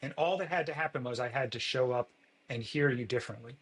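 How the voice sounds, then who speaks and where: This is a man of ordinary middle pitch, talking as a physician guest on a podcast. He explains in an earnest, steady way. He often stops to act out sample dialogues in a brighter, lifted voice. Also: fast, low-quality recording.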